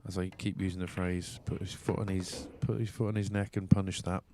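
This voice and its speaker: A man's voice: low voice, level tone, brisk, creaky, dark tone, slight background noise. A man giving casual, jokey co-commentary on a pool match, bantering and laughing often.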